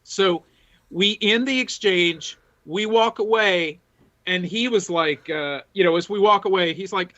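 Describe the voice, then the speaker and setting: A man's voice: sits high, normal speed, fairly bright tone, muffled recording. A man co-hosting a sports podcast, telling long rambling anecdotes full of fillers and restarts. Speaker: podcast co-host. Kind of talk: casual chat, storytelling. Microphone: desk mic, reads chat from screen.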